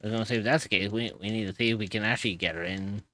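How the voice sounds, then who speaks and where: A man's voice: on the low side, racing, bright, forceful tone, no room sound. A man streaming live and chatting casually, laughing often and swearing now and then.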